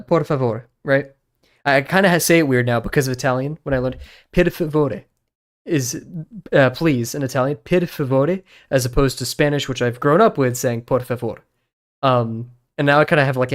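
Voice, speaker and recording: A young man, chatting casually on a live stream while he draws, rambling with many fillers and restarts. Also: medium pitch.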